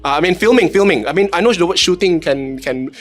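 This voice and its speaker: A man's voice: sits high, fast, soft background music. A man from Penang speaking Malaysian English, telling stories animatedly on a panel with joking "lah" tags. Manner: animated storytelling with frequent "lah" tags and self-deprecating jokes. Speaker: content creator, panel guest. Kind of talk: casual panel talk.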